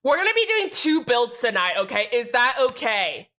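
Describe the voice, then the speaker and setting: Young woman streamer with a bright, somewhat high voice; irreverent, sassy, swears freely. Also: big pitch swings, moderate pace. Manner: sassy, profane, joking with chat. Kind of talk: casual live-stream chat.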